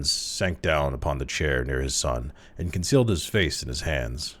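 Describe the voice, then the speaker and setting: A man casually reading a classic short story aloud, with expressive, dramatic delivery. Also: very deep voice, normal speed, hardly any pauses. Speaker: narrator, audiobook reader.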